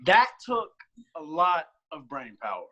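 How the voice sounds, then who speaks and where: Young dude guest, bright voice, animated storytelling, casual chat. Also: male voice, on the high side, a little slow. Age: 20s. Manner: animated storyteller, acts out his own quotes.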